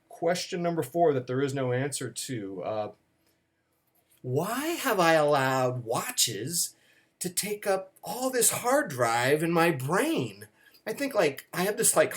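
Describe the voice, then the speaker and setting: A middle-aged man delivers a casual monologue to camera with a wry, self-mocking tone. His pitch leaps up for dramatic effect and then drops low again, as if he is half-joking with his audience. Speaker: watch vlogger.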